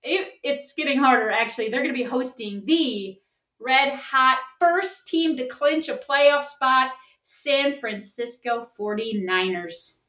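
A woman co-hosting a casual sports podcast, wry and quick to laugh. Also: sits high, sharp tone, far from the mic. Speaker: podcast co-host. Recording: echoey, off-mic.

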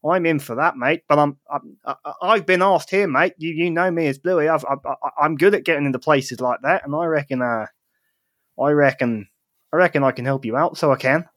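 A man's voice: fairly high pitch, a little fast, a bit bright, no room sound, studio quality, lightly acted. A man voicing a brash male thief who stammers through restarts and calls everyone mate. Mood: cocky.

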